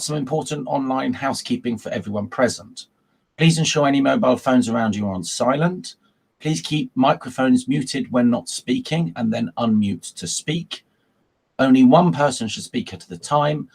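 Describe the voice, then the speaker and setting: A man's voice: medium pitch, creaky, husky. A man chairing a formal council meeting over a video call, working through procedure with frequent ums and uhs.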